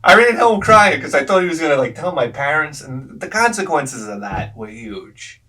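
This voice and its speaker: Animated storytelling man, distant from mic. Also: fairly high pitch, moderate pace. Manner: animated, swears freely, laughs at own stories. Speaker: retro gaming channel host. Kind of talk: rambling anecdotal storytelling.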